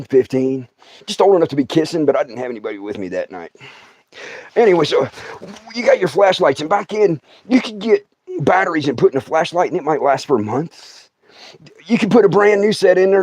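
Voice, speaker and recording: Lively man telling comic stories. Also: medium pitch, no echo. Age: middle-aged. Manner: animated, laughs often, acts out scenes. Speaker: storyteller host. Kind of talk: comic storytelling livestream.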